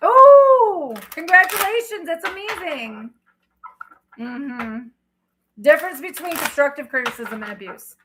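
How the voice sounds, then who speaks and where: A woman's voice: high-pitched, expressive, unhurried, noisy background. A middle-aged woman, a tarot reader, talking to her livestream chat in a blunt, emphatic way that is full of profanity. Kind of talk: casual livestream talk.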